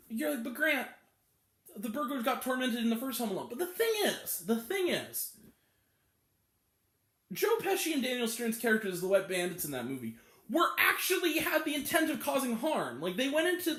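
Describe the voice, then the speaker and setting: Young male reviewer with a high, very expressive voice, venting with exasperation and swearing, in an echoey room. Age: 20s. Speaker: movie reviewer. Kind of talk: casual movie review rant.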